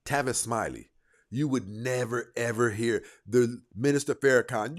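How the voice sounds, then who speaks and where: A man's voice: mid-range voice, moderate pace. A man hosting an online commentary show, reacting to clips in a heated, emphatic way and repeating points for emphasis.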